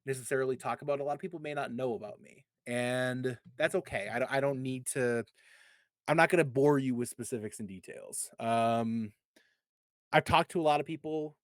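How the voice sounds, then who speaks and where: Earnest man in his thirties, halting. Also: medium pitch, dry recording. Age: 30s. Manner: halting, repeats words, earnest and heartfelt. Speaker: community advocate guest. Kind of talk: casual podcast chat, personal storytelling.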